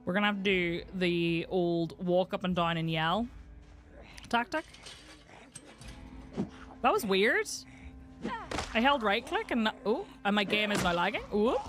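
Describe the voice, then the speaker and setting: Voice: medium pitch, lively intonation, unhurried, long pauses, music in the background. A streamer from the UK giving wry, muttering running commentary while playing a game. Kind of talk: casual gameplay commentary.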